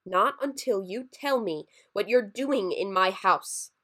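A woman's voice: mid-range voice, lively intonation, takes it slowly, pushed and bright, exaggerated voice. A lonely grieving man read by a woman. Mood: alarmed. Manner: blunt and swearing.

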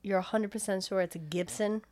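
A woman's voice: medium pitch, fairly even intonation, fairly quick, a little mellow. A woman co-hosting a podcast, reacting bluntly and sarcastically to the story and swearing freely. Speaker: podcast co-host. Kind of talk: casual chat.

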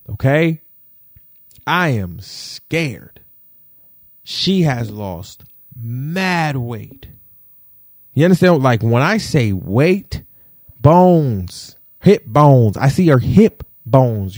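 A man's voice: medium pitch, a little mellow, no room sound, studio quality. A young man telling viewers an emotional personal story, repeating himself and restarting sentences. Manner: repetitive, restarting, addresses viewers as y'all. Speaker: vlogger.

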